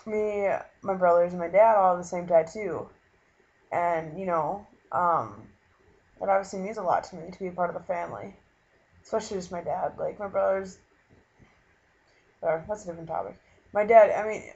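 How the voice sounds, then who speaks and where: A young man from Minnesota talking earnestly in a casual vlog, halting and full of fillers as he retells a conversation. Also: sits high, darkish tone. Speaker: vlogger. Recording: dull lo-fi webcam recording.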